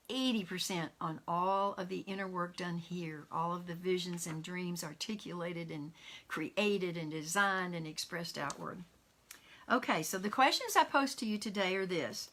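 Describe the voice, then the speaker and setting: A woman minister giving an online sermon, talking in a conversational way, laughing softly now and then and weaving in quotations. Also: mid-range voice. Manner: warm conversational preaching with quotes and soft laughs.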